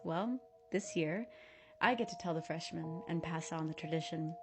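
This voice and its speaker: Young woman, lowish voice, dramatic narration over music. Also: moderate pace. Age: young adult. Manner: dramatic, drops to whispers for effect. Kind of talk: scripted storytime narration.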